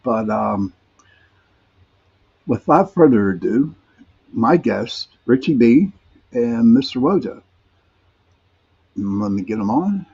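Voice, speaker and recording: A man's voice: medium pitch, lively intonation, takes it slowly, gravelly, pauses often, dark tone, breathy edge. A man hosting a live podcast, rambling and friendly with lots of fillers and restarts. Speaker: podcast host. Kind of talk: live-stream podcast chat. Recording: dull lo-fi streamed audio.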